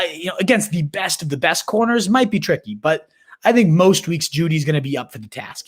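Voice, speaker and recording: A man hosting a live fantasy football Q&A, talking in a hyped, slangy way, often restarting mid-sentence. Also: on the high side. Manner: hyped, slangy, calls viewers "baby" and "my dude"; restarts and repeats words while thinking aloud. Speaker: fantasy football livestream host. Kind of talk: casual live Q&A chat.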